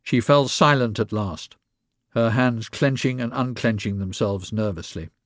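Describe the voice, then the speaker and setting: A man narrates a story in an even, measured voice at a middling pitch. The recording is dry, with no room sound around it. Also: dry recording. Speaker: reader.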